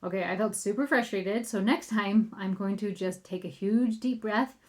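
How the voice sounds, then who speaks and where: A woman's voice: medium pitch, normal speed. A woman in her thirties, a parenting coach hosting a solo podcast, upbeat and chatty, addressing listeners as friends.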